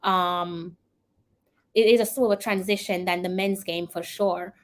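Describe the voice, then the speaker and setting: A woman's voice: lowish voice, fairly even intonation, measured pace. A woman from Jamaica with a Jamaican accent, hosting a live-stream commentary, answering viewer comments in an earnest, persuasive way and talking straight to her viewers. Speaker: host.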